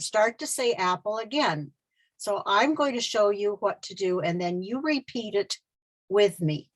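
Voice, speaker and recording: A woman leads a pronunciation lesson, speaking slowly and deliberately. She is patient and repeats each vowel sound and word so the learner can copy her. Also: mid-range voice. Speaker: literacy teacher.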